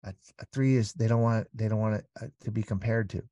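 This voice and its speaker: Middle-aged guy, lowish mellow voice, dry close sound, earnest rambly chat. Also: steady tone, quick pace, no echo, highs cut off. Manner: earnest, rambling, acts out little scenes. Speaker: podcast guest. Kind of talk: candid conversational storytelling.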